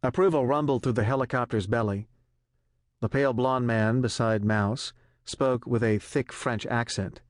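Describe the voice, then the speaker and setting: A man narrates a thriller audiobook in a measured, even storytelling voice at a mid pitch. He is recorded close on a studio mic in a dead, dry room. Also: no room sound.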